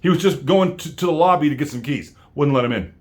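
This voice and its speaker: A man's voice: a little high, expressive, fast. An American man delivering an angry political rant straight to his viewers, heated and full of stammering restarts. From United States. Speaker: vlogger.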